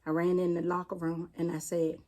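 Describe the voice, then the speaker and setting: Mellow-voiced D.C. woman recounting her loss. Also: on the low side, flat delivery. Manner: plainspoken, halting, retelling a painful loss. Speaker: interview guest, firefighter. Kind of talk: personal storytelling in an interview.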